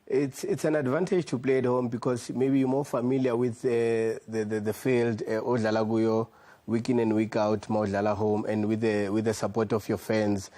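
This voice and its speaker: A man, a former footballer, giving his view as a pundit in a studio panel, pausing and repeating words as he thinks. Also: lowish voice, level tone, warm tone. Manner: halting, repeats words, switches languages.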